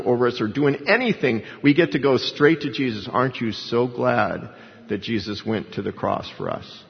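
A man preaching a sermon in an emphatic, conversational storytelling way. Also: mid-range voice. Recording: dull sound with long hall reverb.

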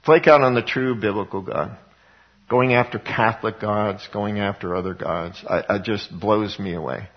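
A man's voice: fairly low pitch, normal speed, muffled recording. A man preaching a sermon, reading scripture aloud and explaining it in a conversational way, with frequent fillers and repeated words, rising to emphatic passages.

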